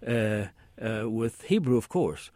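A man's voice: fairly low pitch, animated, slow pace, a little mellow, no room sound, studio quality. A man who is a guest language expert on a call-in radio show, explaining at length with many hesitations and asides.

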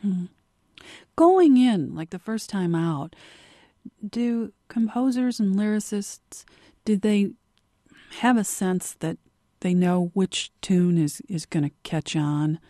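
A woman's voice: mid-range voice, slow pace, dark tone, no room sound, clean studio sound. A woman hosting a radio interview, asking curious, thoughtful questions. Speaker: radio host.

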